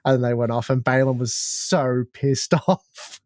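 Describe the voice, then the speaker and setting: A man's voice: mid-range voice, normal speed, few pauses, dry recording, studio quality. An Australian man co-hosting a podcast, telling a story in a chatty, joking way. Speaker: podcast co-host. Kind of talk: casual chat.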